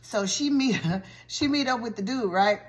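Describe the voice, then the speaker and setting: A woman's voice: on the high side, unhurried. Woman gossiping through a show recap. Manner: animated, colloquial storytelling with slangy asides. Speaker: vlogger reviewing a TV show. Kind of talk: casual story recap.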